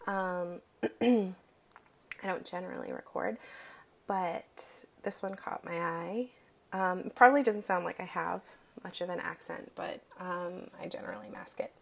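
A young woman from Boston speaks in her Boston accent, chatting casually through a vlog. Her voice is low and heavily gravelly, with frequent ums and a wry, easygoing delivery. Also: unhurried. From Boston, Massachusetts. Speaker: accent challenge vlogger.

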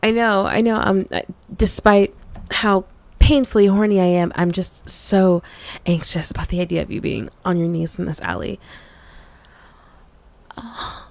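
A woman's voice: fairly low pitch, a little slow, vocal fry. A woman voicing a flustered, frustrated young woman in an audio role-play, stammering and swearing with many fillers.

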